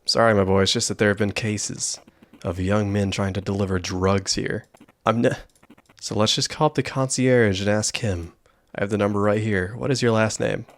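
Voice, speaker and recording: A nosy old man from the building, eyeing a stranger with stern suspicion, as a man puts him on for a game. He pries and scolds in a fairly low, clipped voice. The sound is dry and close. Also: steady tone, moderate pace, dry recording, lightly acted. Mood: suspicious. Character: nosy suspicious elderly male neighbor.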